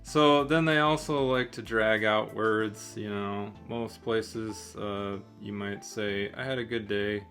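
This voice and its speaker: A man from Michigan with a Michigan accent, co-hosting a casual chat, explaining and gently teasing at an easy pace. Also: on the low side, fairly even intonation, takes it slowly, hardly any pauses, faint music behind. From Michigan, United States. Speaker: co-host.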